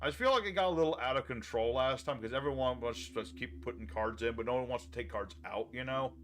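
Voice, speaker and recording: A man streaming himself playing a card game, chatting casually with viewers and thinking his moves through out loud. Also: mid-range voice, fast, a little hiss or hum. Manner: chatty, thinks aloud and talks to chat.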